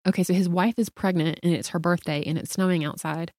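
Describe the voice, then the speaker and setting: A middle-aged woman, a podcast guest, telling a personal story in a lively, talkative way with lots of "like" fillers. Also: lowish voice, quick pace, no room sound, studio quality. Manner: animated, talkative, frequent "like" fillers.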